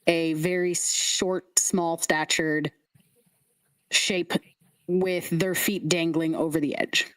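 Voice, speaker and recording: A woman's voice: on the low side, fairly even intonation, slow pace, fairly bright tone. A woman narrating as game master, playful and theatrical.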